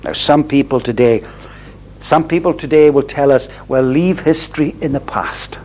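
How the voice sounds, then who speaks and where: A man preaching a sermon in a deliberate, emphatic way, repeating phrases and stressing key words. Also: mid-range voice, darkish tone, rough recording.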